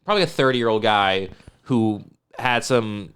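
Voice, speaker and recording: A man's voice: lowish voice, animated, measured pace, fairly bright tone, clean tone. A man with a Northeastern US accent, co-hosting a podcast and telling stories in a profane, ranting way. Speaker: podcast co-host. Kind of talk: casual chat.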